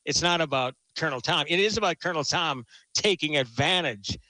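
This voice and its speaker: A man's voice: fairly high pitch, brisk, pushed and bright, no room sound, rough recording. A man talking casually about a film, enthusiastic and rambling, often restarting his sentences. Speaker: film critic guest. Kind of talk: casual chat.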